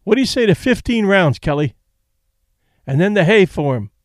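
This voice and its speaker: A man's voice: high voice, big pitch swings, moderate pace, no echo, clean studio sound, pitched above the performer's own voice. A man reading aloud and voicing a brash, cocky young boxer who talks in a breezy, mocking way.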